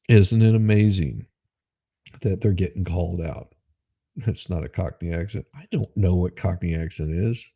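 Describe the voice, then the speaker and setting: Gravelly-voiced man doing sarcastic news commentary. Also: sits low, a little mellow, no echo, clean studio sound. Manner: sarcastic, rambling asides; self-deprecating. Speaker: host. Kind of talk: casual news commentary reading articles aloud.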